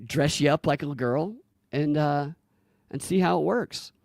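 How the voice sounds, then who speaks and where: A podcast host with a Southern US accent chats casually, telling rambling stories and laughing easily. His voice is on the high side, gravelly and a little mellow, at normal speed, and the recording is studio quality with no echo.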